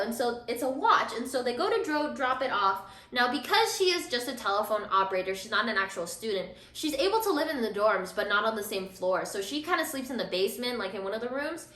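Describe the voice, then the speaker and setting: A young woman with a high, sparkling voice chats through a drama recap while doing her makeup at home. She is loose and filler-heavy, slipping into the characters' lines as she goes, and the room around her rings with echo. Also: animated, fairly quick, hardly any pauses, a bit bright. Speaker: vlogger. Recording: echoey room.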